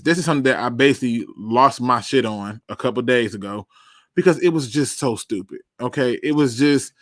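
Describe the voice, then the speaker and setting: A man hosting a casual sports talk livestream, animated and self-deprecating, with a loose slangy delivery. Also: mid-range voice, no echo, studio quality. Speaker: podcast host.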